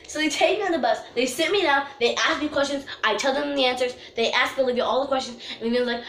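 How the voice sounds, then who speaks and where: Young woman, storytime vlog, chatty, dramatic reenactments, lively pitch, echoey room, faint hiss. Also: a little fast. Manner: dramatic, reenacts herself wailing in a high voice; chatty, lots of "like". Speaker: vlogger.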